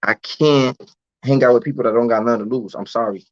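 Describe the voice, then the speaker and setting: A man's voice: mid-range voice, fairly even intonation, a little fast, no echo. A man, telling a candid story as a podcast guest in streetwise slang. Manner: streetwise slang, often adds "you know what I'm saying". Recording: dull, dry lo-fi recording.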